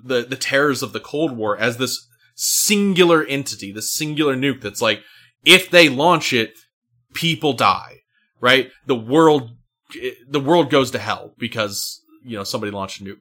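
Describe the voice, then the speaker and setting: A man co-hosting a casual podcast conversation, talking in an animated, emphatic way. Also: medium pitch, normal speed. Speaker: podcast co-host. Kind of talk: casual chat.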